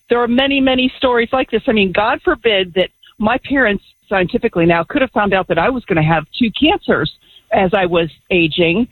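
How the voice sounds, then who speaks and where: A woman's voice: on the high side, husky, no room sound, rough recording. A middle-aged woman calling in to a radio show, talking earnestly and emphatically. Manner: earnest, emphatic, faith-driven. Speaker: caller. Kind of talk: call-in radio talk.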